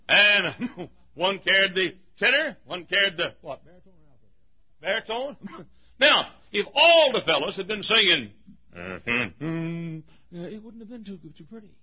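High, lively preacher laughing through a sermon. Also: male voice, a little slow, pauses often, husky. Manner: lively, laughing often, shouting for emphasis. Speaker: pastor. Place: church. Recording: dull lo-fi sound.

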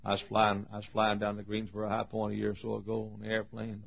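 A male pastor preaching a sermon with emotional storytelling, swinging from hushed tones to shouts. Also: on the low side, monotone, fast, vocal fry, husky. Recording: dull lo-fi sermon recording.

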